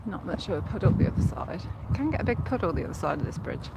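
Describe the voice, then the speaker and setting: A young woman from Leicestershire with a softened Leicestershire accent, chatting on a live stream while walking a cycle path, enunciating carefully and giggling. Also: on the low side, big pitch swings, quick pace, gravelly. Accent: Leicestershire English, toned down. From Leicestershire, England. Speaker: livestreamer. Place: outdoors on a riverside cycle path. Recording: loud outdoor noise, wind and traffic.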